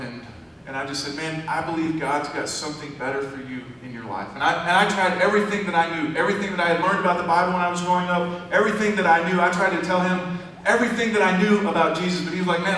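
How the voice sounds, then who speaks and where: A man's voice: a little high, a bit bright, a little hiss or hum. A man giving a sermon testimony to a church, telling a story in a conversational, building way. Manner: storytelling, conversational with rising emphasis. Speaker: church speaker. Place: large church hall. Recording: echoey church hall from far off.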